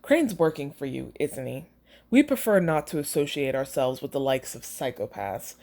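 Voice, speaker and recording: A cold, calculating schemer, read aloud by a woman. The voice sits low and stays plain and measured, a story read aloud. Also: animated, darkish tone, full character voice. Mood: cool.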